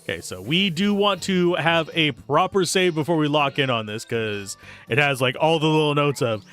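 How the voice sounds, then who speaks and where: A man's voice: on the high side, moderate pace, hardly any pauses, a bit bright, soft background music. A man casually commenting on a video game livestream, joking and reading the dialogue aloud in voices. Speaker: let's play streamer.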